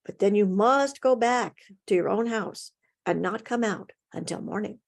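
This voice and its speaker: A kindly little old man who talks to birds, calm and quietly knowing as he questions the boy, voiced by a woman telling the story. His tone stays gentle and unhurried. It is heard over a video call. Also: medium pitch, vocal fry.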